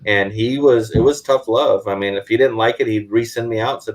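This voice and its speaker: A man's voice: fairly low pitch, brisk, rough recording. A man being interviewed about his photography work, telling stories and acting out what others said. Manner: animated storyteller, acts out quoted voices. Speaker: guest photographer. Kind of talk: casual storytelling interview.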